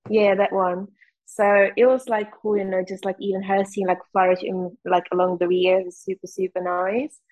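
A woman's voice: mid-range voice, level tone, darkish tone, low-quality recording. Woman with a Czech accent, candid. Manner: candid, fast, heavy use of "like". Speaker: guest. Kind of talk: casual interview chat.

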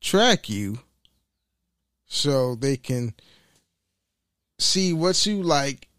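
A man's voice: mid-range voice, sing-song, very slow, a bit bright, smooth, no room sound, clean studio sound. A man hosting his own podcast, chatting casually, joking, laughing often and swearing loosely. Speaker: podcast host. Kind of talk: casual solo podcast chat.

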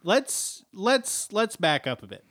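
Excitable man co-hosting, slightly high. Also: takes it slowly, no echo, clean studio sound. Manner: excitable, jokey, breaks into laughter. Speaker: podcast co-host. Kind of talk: casual chat.

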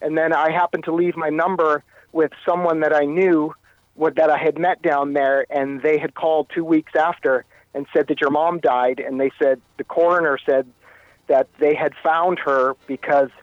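A man from Canada, a guest in an interview, telling a personal story in a halting way, often repeating and restarting phrases. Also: a little high, fairly even intonation, no echo, narrow, tinny audio.

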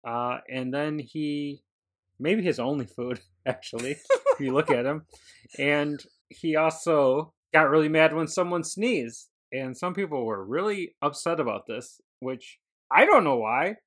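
A man's voice: on the high side, unhurried, a bit bright. A man co-hosting a casual wrestling podcast, chatting and joking in an easygoing way. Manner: joking, laid-back commentary. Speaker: podcast co-host.

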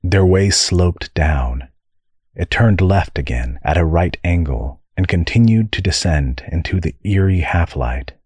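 A man reading an audiobook with measured, steady storytelling. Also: low-pitched, husky, dry recording. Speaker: audiobook narrator. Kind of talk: scripted narration.

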